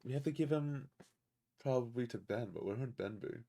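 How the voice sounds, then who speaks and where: A man's voice: medium pitch, a little fast, dark tone. A man casually commenting on a game he is playing on a stream. He talks in a rambling, offhand way.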